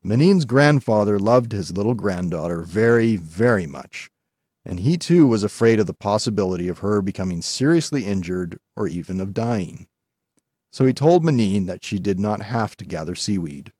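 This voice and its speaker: A man reading a folk tale aloud as scripted narration, calm and measured. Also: fairly low pitch, husky, dry recording, clean studio sound. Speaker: storyteller.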